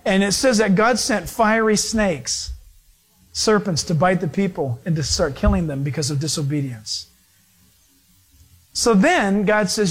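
Animated, joking preacher with a high voice. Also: male voice, moderate pace. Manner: rambling, jokey, laughs often, acts out characters; animated, jumps in pitch when quoting. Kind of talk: informal sermon.

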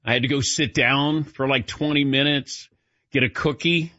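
A sports radio host chatting casually, telling a self-deprecating story in an animated way while feeling lightheaded. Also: male voice, medium pitch, moderate pace, dry recording, highs cut off.

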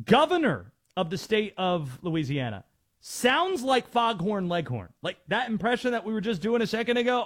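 A man's voice: high-pitched, very animated, moderate pace. A man hosting a sports talk radio show, ranting in an emphatic, mocking way.

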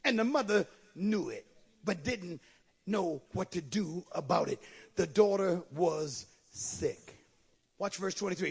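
A man preaching with a strikingly high, gravelly and husky voice. He delivers a fervent sermon, dropping to hushed asides and then rising to emphatic shouts. He calls out to his congregation as he preaches. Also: animated, a little slow. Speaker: pastor.

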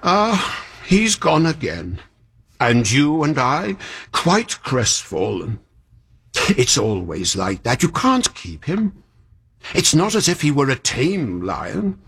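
An actor playing a kindly, fussy old magician in a radio drama, chatty and musing, sighing and yawning, with a breathy, husky voice. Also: male voice, medium pitch, sing-song, slow, a bit bright, heavily acted. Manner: chatty and musing, with sighs and yawns.

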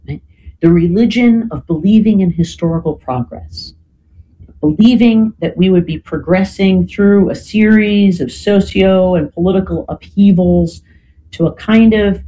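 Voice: mid-range voice, mellow, poor audio. A lecturer giving an explanatory talk, often checking in with "right?" and filling gaps with "you know".

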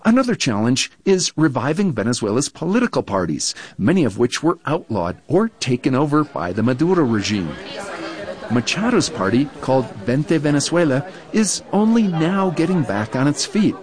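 Male correspondent, scripted news read, fairly high and animated. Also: moderate pace. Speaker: foreign correspondent.

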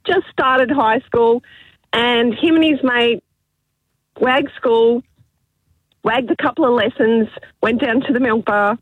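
A woman calls in to a radio phone-in and tells a story with easy, chatty energy. Her voice is a touch husky and slightly high. The sound is dry. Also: takes it slowly, long pauses, dry recording, phone-quality sound. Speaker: caller. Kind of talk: telling an anecdote on a phone-in.

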